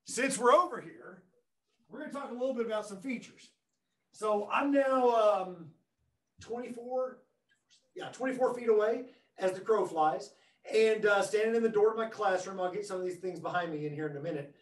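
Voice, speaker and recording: A fairly high-voiced man gives a lively webinar demonstration from his classroom, cracking jokes and addressing the audience directly. His voice is picked up by conference microphones across the room, so it carries an echoey, roomy sound. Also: normal speed. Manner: enthusiastic, joking, talks to viewers directly. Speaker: education technology presenter. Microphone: room conference microphones at a distance.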